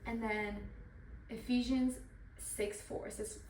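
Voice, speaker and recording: A woman's voice: medium pitch, steady tone, normal speed, distant mic. A young woman giving an earnest devotional Bible talk, repeating herself with many "like" fillers. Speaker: channel host. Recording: echoey room, voice off-mic, faint noise.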